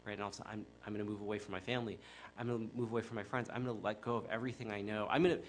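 A man's voice: fairly low pitch, little pitch movement, rapid-fire, a little hiss or hum. A middle-aged man from the Chicago area, preaching in a conversational, reflective way with frequent fillers and self-corrections. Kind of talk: sermon.

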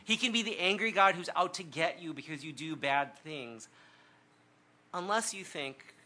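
A middle-aged man giving an earnest, conversational sermon talk, often pausing with "um" and "right?". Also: a little high, animated, pushed and bright, slight background noise. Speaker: speaker on prayer.

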